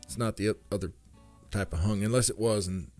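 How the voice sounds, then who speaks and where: A man telling a funny family story in a casual, animated way, jumping in pitch as he acts out what people said. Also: fairly quick. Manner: animated, acts out quotes with big pitch jumps. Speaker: storyteller comedian. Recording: faint guitar music behind.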